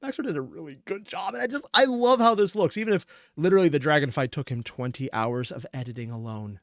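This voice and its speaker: A man reacting to a video in a casual, rambling way, often breaking into giggles. His pitch is animated and jumps with excitement. The sound is dry and close. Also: brisk, hardly any pauses, no room sound.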